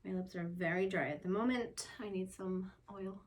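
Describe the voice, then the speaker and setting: A woman's voice: mid-range voice, moderate pace. A young woman talking casually to camera from a room at home, chatty and rambling with lots of fillers. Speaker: vlogger.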